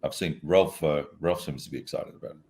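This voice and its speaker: A man co-hosting a casual podcast chat, eager and halting with fillers. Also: rumbling low, a little mellow.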